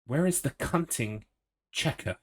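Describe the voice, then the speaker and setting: A man's voice: on the high side, lively intonation, unhurried, slightly rough. Sweary, ranting male streamer. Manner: frustrated, sweary, sarcastic ranting. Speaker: horror game streamer. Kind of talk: live gameplay commentary.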